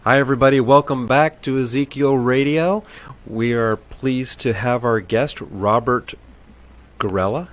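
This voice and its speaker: A man's voice: medium pitch, steady tone, measured pace. A man hosting an interview on an internet radio show, friendly and joking with his guest. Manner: friendly, upbeat, jokey.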